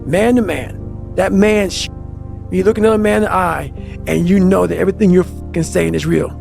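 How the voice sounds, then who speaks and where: His voice sits high and is creaky and darkish, with a steady tone and a fairly quick delivery. As a podcast guest, he gives a passionate, emphatic motivational talk, hammering his points and cursing frequently. Faint background music runs beneath the intense monologue.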